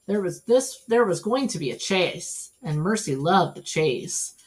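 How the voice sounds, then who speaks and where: Animated woman reading a children's book. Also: fairly low pitch, unhurried. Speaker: storybook reader. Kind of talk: children's storybook read-aloud.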